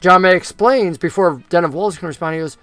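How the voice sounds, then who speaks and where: A man narrating a tabletop role-playing game as game master, talking in a lively way and jumping into character voices. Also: sits high, brisk, clean tone, no echo, soft background music.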